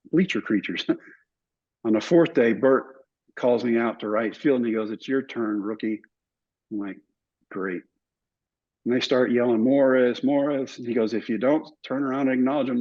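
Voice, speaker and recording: Husky older man telling animated stories. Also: mid-range voice. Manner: animated storyteller, acts out other people's lines. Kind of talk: telling stories in a relaxed interview. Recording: somewhat dull, muffled recording.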